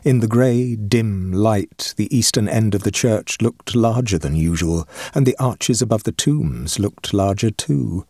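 Man, audiobook narrator, husky voice, dry close sound, measured and dramatic ghost story reading. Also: on the low side, mellow, no room sound. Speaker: audiobook reader.

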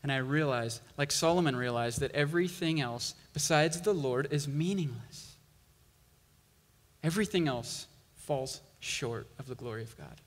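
A male pastor preaching a sermon, slow and emphatic, building intensity on key lines. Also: mid-range voice, long reverb tail.

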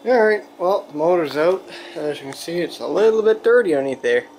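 A man's voice: a little high, lively intonation, fairly quick, darkish tone, a little hiss or hum. Rambling New England man in a garage. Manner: rambling, profane, with many fillers. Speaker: small engine repair vlogger. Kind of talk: casual workshop chat.

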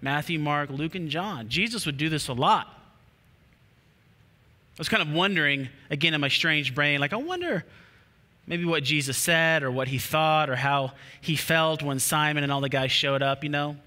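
A man preaching a sermon as a pastor, animated and repetitive, with playful asides to the congregation. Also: fairly high pitch, normal speed. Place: church auditorium. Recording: long hall reverb.

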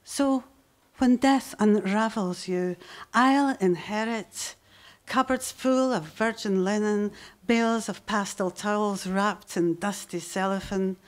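A woman poet performs on stage before a live audience. Her voice sits in a middle register, and her recitation is slow and deliberate. Every so often it breaks into sudden fierce bursts. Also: medium pitch. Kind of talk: poetry reading on stage.

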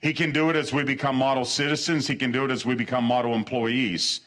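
Speaking quickly with a flat delivery, a man preaches as pastor in a medium-pitched, fairly bright voice. He is earnest, repeats brief phrases for emphasis, and keeps stumbling and restarting mid-sentence.

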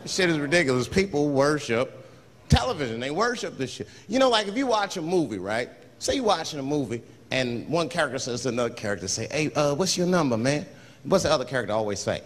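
A man's voice: mid-range voice, very animated, fast talker. A man doing a stand-up comedy set, storytelling loosely and dropping into voices. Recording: live stand-up hall with audience. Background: audience laughter.

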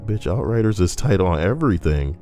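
A man's voice: deep voice, big pitch swings, fairly quick, warm tone, faint music behind. A man doing comedic commentary as a streamer reading online posts, crude and jokey, slipping into silly voices and singing.

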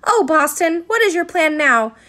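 A woman voicing an excitable frontier mother who exclaims and frets in a dramatic way. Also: very high voice, moderate pace, voice pushed up, heavily acted. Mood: exasperated.

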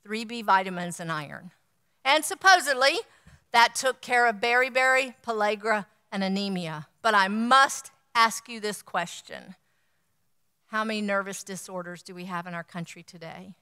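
Middle-aged woman guest speaker, bright and clear, animated storyteller, reverberant hall. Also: mid-range voice, moderate pace. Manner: animated, acts out quoted dialogue. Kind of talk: storytelling talk to an audience.

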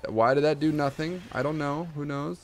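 A young man streaming live gameplay commentary, excitable, swinging from low mutters to shouts. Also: moderate pace.

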